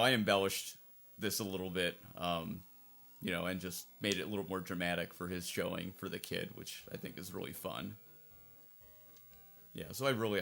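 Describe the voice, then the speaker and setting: A man's voice: deep voice, gravelly, a bit bright. A man casually commentating over a game playthrough as its fan translator, rambling and circling back on his points. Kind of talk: casual let's-play commentary.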